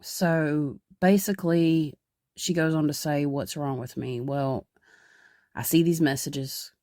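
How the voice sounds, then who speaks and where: A woman's voice: low voice, steady tone, slow, mellow, no echo. A woman podcast host and medium, talking casually in an earnest, rambling way with many fillers.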